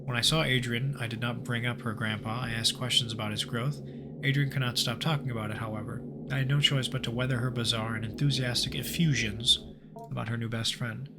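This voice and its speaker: A man's voice: medium pitch, steady tone, a little fast, noisy background. A man streaming a horror game, reading its story text aloud and joking casually as he plays. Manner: casual and jokey, with swearing asides. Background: game music.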